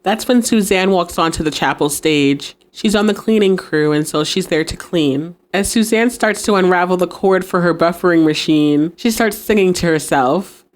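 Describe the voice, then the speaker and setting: A young woman with a slightly low voice talks through a TV episode for her podcast. She keeps things casual and animated. She laughs easily and slips into the characters' lines as she goes. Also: moderate pace, hardly any pauses. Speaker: podcast host recapping a TV episode. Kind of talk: casual recap with acted-out quotes.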